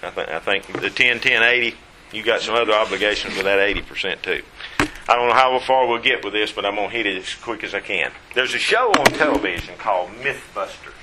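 A man's voice: on the low side, a little fast, background noise. A man teaching a Bible class in a folksy, rambling way.

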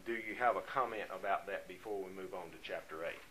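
A man teaching a Bible study class, earnest and conversational, growing louder when he reads scripture aloud. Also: sits low, quick pace, a little hiss or hum, low-quality recording. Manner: earnest, rises in volume when reading scripture.

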